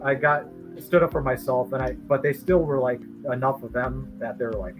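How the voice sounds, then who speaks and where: A middle-aged man telling a long personal story in casual chat, rambling, with animated acted quotes. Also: medium pitch, normal speed, poor audio. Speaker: artist streamer telling a story. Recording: music playing behind.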